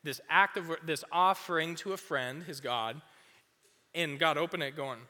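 A young man giving a casual youth sermon as a youth pastor, chatty and full of "like", acting out quick little voices. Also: fairly high pitch, pushed and bright. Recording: long hall reverb.

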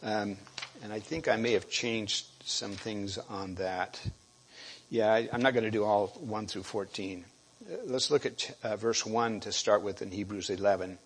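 Man preaching, gravelly, husky, halting with restarts and throat clearing. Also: lowish voice, steady tone. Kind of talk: sermon.

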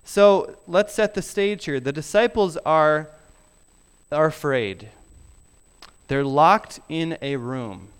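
Slow, clear-voiced male preacher. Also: on the high side. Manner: slow, emphatic preaching with soft drops to near whisper. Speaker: pastor. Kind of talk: sermon.

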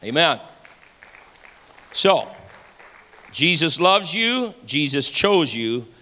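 A man preaches a fervent sermon in a high, bright voice. His words ring out with a long hall reverb around them. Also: big pitch swings, slow, a faint crowd. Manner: fervent preaching, rising to shouts. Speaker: pastor. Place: church sanctuary.

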